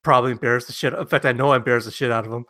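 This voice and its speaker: A man co-hosting a podcast, telling stories animatedly and acting out quotes loudly in casual chat. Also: medium pitch, steady tone, very fast, no echo, studio quality. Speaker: podcast co-host.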